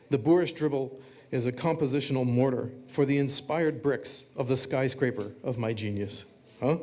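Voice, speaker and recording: A man reading his own text aloud, delivering short confessional quips in a flat, deadpan way. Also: medium pitch.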